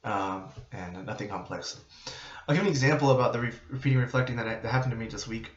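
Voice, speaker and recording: A man teaching students about nursing in a relaxed, conversational way. He uses frequent fillers and tag questions as he explains. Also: medium pitch, fast. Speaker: psychiatric nurse instructor. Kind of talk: informal lecture to students. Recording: roomy, dull lo-fi recording.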